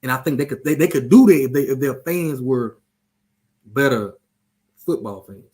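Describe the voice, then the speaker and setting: A man's voice: medium pitch, expressive, moderate pace, a little mellow. A man hosting a casual sports chat show, talking loosely, joking and trash-talking. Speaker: show host.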